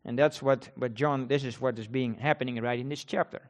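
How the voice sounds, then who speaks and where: A man's voice: medium pitch, fairly even intonation, brisk. A man preaching a sermon, repeating key words and reading scripture with rising emphasis.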